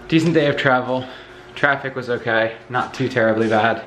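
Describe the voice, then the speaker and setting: A man's voice: mid-range voice, moderate pace. Man, Northeastern US accent, congested lungs, tired casual vlog, rambling, camera drifting near and far, faint background noise. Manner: tired, relaxed and rambling, with fillers. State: congested lungs, occasional coughing. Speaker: vlogger. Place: house, moving between rooms.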